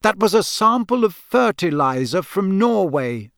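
A man's voice: high-pitched, big pitch swings, a little slow, fairly bright tone, no echo, clean studio sound, pitched above the performer's own voice, full character voice. A man voicing a pompous, self-important young male ministry official in an audiobook reading.

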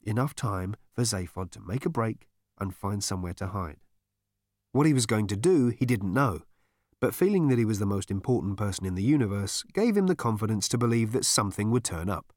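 A wry, lively male storyteller. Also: on the low side, fairly quick, no room sound, clean studio sound. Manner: wry, animated, theatrical delivery. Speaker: audiobook narrator. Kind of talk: expressive storybook narration.

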